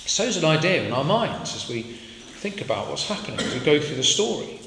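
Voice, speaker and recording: Male preacher, chatty sermon delivery, slightly high voice, echoey hall. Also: sing-song, moderate pace, fairly bright tone, a little hiss or hum. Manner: conversational, asks the congregation questions. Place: church hall. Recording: echoey hall, faint ambience.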